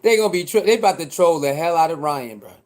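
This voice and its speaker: Male livestream host, higher voice, casual slangy rambling talk. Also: animated, fast talker, darkish tone. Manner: chatty, repetitive, reacting to boxing news with slang.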